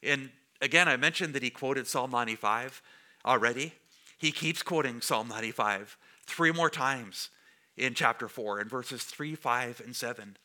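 A pastor with a mid-range voice preaches a sermon to his congregation in church, speaking at a normal speed in a bright, forceful tone. His delivery is conversational, and he jokes with the listeners.

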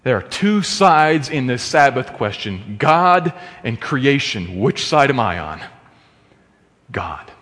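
A man preaching a sermon as pastor, swinging between loud emphatic stresses and hushed, quiet asides. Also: medium pitch, sing-song, slow, hardly any pauses, in a large hall.

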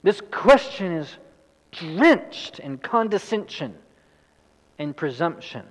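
A man delivers a sermon, reading scripture passages and then retelling them in his own pointed, dramatic voice. His voice sits a little high for a man. The sound carries a long reverb, as if recorded in a large hall. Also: very animated, slow. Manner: reads scripture aloud and paraphrases it in dramatic voices. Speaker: preacher.

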